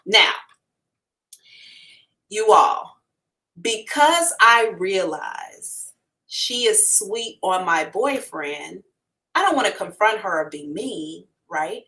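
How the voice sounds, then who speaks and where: A woman hosting a psychic livestream tells her viewers a story, speaking frankly and animatedly, swearing casually and addressing them directly. Her medium-pitched voice moves slowly with long pauses, and it is recorded from a distance on rough audio.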